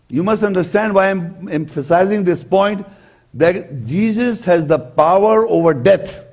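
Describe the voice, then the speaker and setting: A male preacher giving a religious lecture, his voice sitting a little higher than most men's. He speaks slowly and with emphasis, stopping to repeat the points he wants remembered. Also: darkish tone. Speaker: Islamic preacher. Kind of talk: religious lecture explaining scripture.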